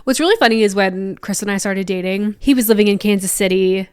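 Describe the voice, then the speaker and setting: A young woman with a light Southern US accent chats on her podcast in a loose, playful way, now and then drifting into put-on accents. Her voice is smooth and clean, at an ordinary pitch for a woman, and sits close and dry on the mic with no room sound. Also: level tone, a little fast, darkish tone, no room sound. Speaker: podcast host. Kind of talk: casual chat.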